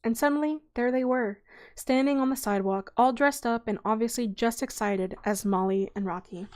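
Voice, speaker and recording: A woman with a fairly high voice reads a children's novel aloud for her stream. She keeps a relaxed, unhurried pace and corrects small slips as she goes.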